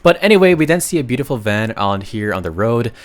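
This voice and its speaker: A man narrating a comic recap in a casual, chatty way, with sudden loud bursts and slangy asides. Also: mid-range voice, big pitch swings, fast.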